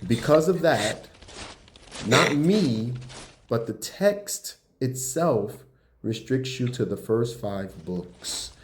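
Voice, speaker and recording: A man arguing in a heated online debate, slow and deliberate, pressing his point insistently. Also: medium pitch, lively intonation. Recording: echoey room with faint noise.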